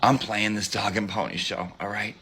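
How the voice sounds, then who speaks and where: A man's voice: on the low side, flat delivery, moderate pace, pushed and bright, husky, exaggerated voice. A man playing a brash, bossy woman judge, in a sassy, scolding, wisecracking parody sketch. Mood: scheming. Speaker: comedian.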